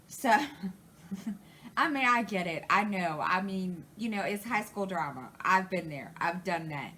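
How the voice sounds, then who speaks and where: A woman's voice: mid-range voice, expressive, slow, pushed and bright, a little hiss or hum, low-quality recording. A woman, chatting casually to her viewers and rambling through a family story, acting out past conversations. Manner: rambling, retells conversations, many restarts. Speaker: crafting channel host.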